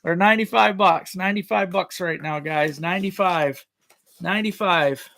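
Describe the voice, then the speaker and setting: A man's voice: sits high, normal speed, vocal fry, sharp tone. A man hosting a casual live-stream auction, calling out bids over and over, chuckling and greeting viewers by name. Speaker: livestream host running a tackle auction.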